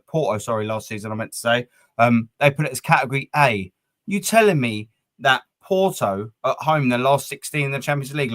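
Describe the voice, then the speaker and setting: A man hosts a loose livestream chat, rambling from point to point with plenty of swearing. His voice sits at an ordinary middle pitch. The sound is close and dead, with no room around it. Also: no room sound. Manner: rambling, animated, swears freely. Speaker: podcast host. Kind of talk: casual fan chat on a livestream.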